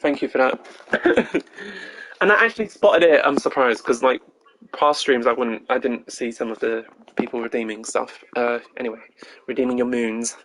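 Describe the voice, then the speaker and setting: A man's voice: mid-range voice, normal speed, a bit bright, a little hiss or hum, poor audio. A man live-streaming gameplay, chatting to his viewers in a giggly, self-mocking way.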